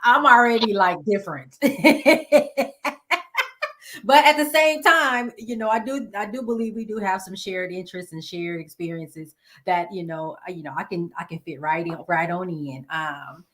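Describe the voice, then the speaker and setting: A woman's voice: on the low side, normal speed, a bit bright. Conversational woman guest. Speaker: guest, public health advocate. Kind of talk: casual interview talk.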